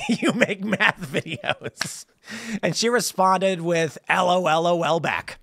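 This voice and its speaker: American guy with a high voice doing a rambly political commentary rant, lots of restarts, dry studio sound. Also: no echo. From United States. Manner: rambling, animated storytelling with frequent restarts and laughs. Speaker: political commentary show host. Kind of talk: casual political commentary monologue.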